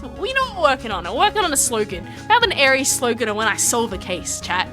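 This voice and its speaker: A young woman streaming a game live, chatting excitedly with her viewers and reading the characters' lines aloud. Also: high-pitched, brisk, hardly any pauses, music in the background.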